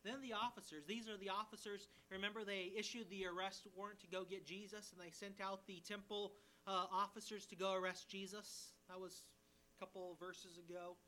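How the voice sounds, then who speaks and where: A man as a pastor, teaching a sermon verse by verse with lively emphasis and paraphrased quotes. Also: sits high, fairly quick, a little hiss or hum.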